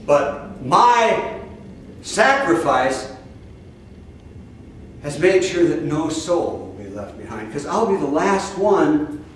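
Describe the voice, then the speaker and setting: An older man delivers a sermon in a folksy, conversational way, tossing in asides and rhetorical questions. His voice sits fairly high for a man. It comes from some distance off the mic and is wrapped in heavy room echo. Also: big pitch swings, slow pace, pauses often, a little hiss or hum. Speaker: spiritual teacher. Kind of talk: spoken sermon. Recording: roomy echo, speaker far from the mic.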